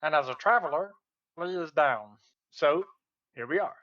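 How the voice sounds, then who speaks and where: A man's voice: a little high, lively intonation, moderate pace, dry recording. A man introducing his character as a player, casual and upbeat. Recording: dull, dry sound.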